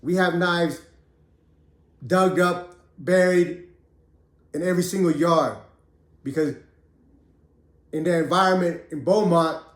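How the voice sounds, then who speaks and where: A man telling his own prison story in a casual, profane, streetwise way, pausing often as he recounts it. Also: high voice, steady tone, roomy sound. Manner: streetwise, profane, drawn-out pauses.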